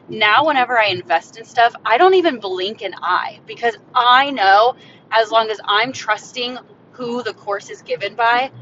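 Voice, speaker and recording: A young woman from Florida hosting a casual podcast, talking excitedly into her phone while driving in her car. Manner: excited, upbeat, salesy. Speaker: podcast host. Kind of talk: casual solo podcast pitch. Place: in a moving car. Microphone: phone mic. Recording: dull phone recording with car rumble.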